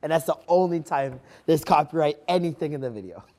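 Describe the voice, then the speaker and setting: A young man guesting on a podcast, telling animated stories in casual chat, swearing freely and calling people "bro.". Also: fairly high pitch, brisk. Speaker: podcast guest and stand-up comedian. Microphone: clear guest mic.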